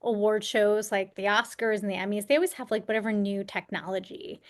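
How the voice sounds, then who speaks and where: A woman's voice: medium pitch, steady tone, fairly quick. A woman from New York State, a career coach and actor, chatting animatedly as a podcast guest over a video call. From Poughkeepsie, New York. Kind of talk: casual interview chat.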